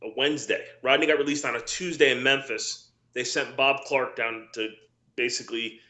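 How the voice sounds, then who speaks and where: A middle-aged man with a very bright, forceful voice spins rambling stories, acting out the quotes of people he talks about. His voice rings in an echoey room. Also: medium pitch, steady tone, moderate pace. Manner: rambling anecdotes with quoted dialogue, many restarts. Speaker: former wrestler, guest. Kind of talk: casual storytelling interview.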